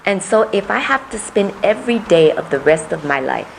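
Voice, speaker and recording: A woman running for office, answering interview questions in a soft voice that lacks volume, earnest and repeating words as she builds her point. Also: mid-range voice, expressive, a little fast, vocal fry, a little hiss or hum, poor audio. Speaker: political candidate.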